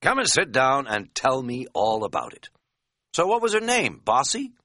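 A man's voice: mid-range voice, huge pitch swings, normal speed, bright, forceful tone, no room sound, clean studio sound, pitched above the performer's own voice, heavily acted. A man voicing a crude, joking middle-aged male hiker who is folksy and pleased with his own quips, in an audiobook. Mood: teasing.

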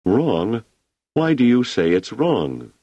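A man doing a gentle, owlish old scholar. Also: mid-range voice, very animated, takes it slowly, no room sound, pitched above the performer's own voice, heavily acted. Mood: puzzled. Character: gentle absent-minded older male scholar.

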